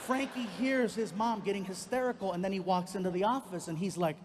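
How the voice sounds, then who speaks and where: Brief: a lively male comic telling a family story, high-pitched and expressive. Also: fairly quick, big-room sound, slight background noise. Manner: animated, swings into loud outbursts, lots of character voices. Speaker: stand-up comedian. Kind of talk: stand-up storytelling.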